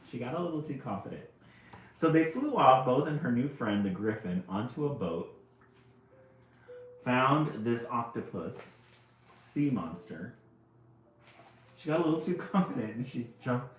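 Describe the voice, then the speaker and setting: A man reading a children's picture book aloud, with chatty asides about the pictures. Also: lowish voice. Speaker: storyteller. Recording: very echoey room, faint music.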